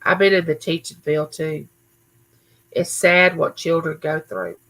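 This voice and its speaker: A woman's voice: low-pitched, measured pace, fairly bright tone, low-quality recording. A woman hosting a casual live chat from her home recording room, reading viewer comments aloud and answering people by name. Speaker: livestream host.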